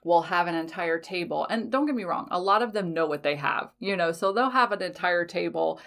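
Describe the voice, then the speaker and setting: Speaking fairly quickly with vocal fry, this woman has a lowish voice with a touch of brightness. Hosting her podcast solo, she chats casually, laughs a lot, curses lightly, and fixes her words mid-sentence amid frequent fillers.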